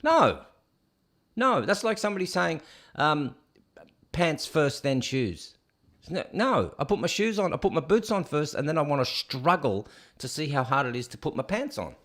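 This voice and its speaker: A man's voice: on the high side, very animated, normal speed, a bit bright. Middle-aged man reading chat aloud. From Canada. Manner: reads comments aloud, sings snatches of songs. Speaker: livestream host reading chat. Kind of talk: casual chat.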